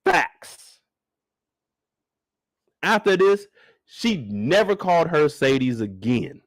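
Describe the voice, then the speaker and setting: A man hosting a live after-show stream, reacting to a TV episode in animated, joking, casual commentary aimed straight at his viewers. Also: a little high, measured pace, no echo, studio quality. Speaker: host reviewing a TV episode.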